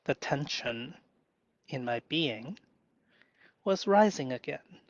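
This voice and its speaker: A man in a reflective solo live stream who thinks aloud with pauses and restarts, then breaks into bursts of excited cheering. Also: on the high side, no room sound, lo-fi sound. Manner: slow and musing, with sudden bursts of excited cheering.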